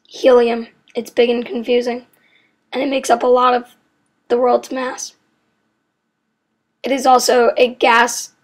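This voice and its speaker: A woman with a fairly high voice explains chemistry facts casually and ramblingly. She often gets sidetracked and corrects herself with apologetic asides.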